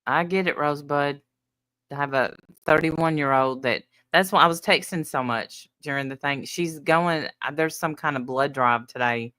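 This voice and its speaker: Low, bright-voiced woman co-host. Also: normal speed, no echo. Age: 50s. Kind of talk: casual chat.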